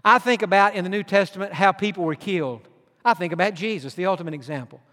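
A man preaching a sermon, swinging from loud declarations to hushed tones. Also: sits high, fast. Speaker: pastor. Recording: long hall reverb.

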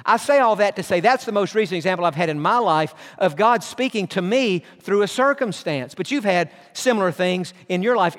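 A man preaches in an earnest, storytelling way, drawing out the words of scripture for weight. His voice sits high for a man. It rings with the long reverb of a church hall. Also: a bit bright. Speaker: pastor. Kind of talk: sermon.

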